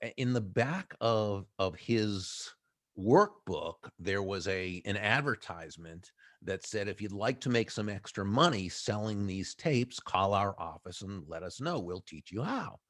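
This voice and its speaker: Here a middle-aged author and sales speaker from around Boston, faintly accented, talks at a measured pace in a fairly low voice. He's a guest in a casual interview, telling stories with animation and frequent laughter, recorded cleanly in a studio with no echo.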